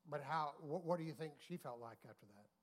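A male pastor preaches with a fairly high voice. He tells stories, acts out what people said and keeps asking the congregation for an amen. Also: brisk. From United States. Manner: storytelling, acting out quotes, asking the congregation for amens. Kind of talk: sermon.

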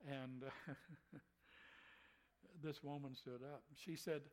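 A man's voice: fairly high pitch, slow pace, pauses often, darkish tone, poor audio. A man, a preacher, telling a story in a folksy way, chuckling and acting out what people said. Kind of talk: telling a personal story in a conversation.

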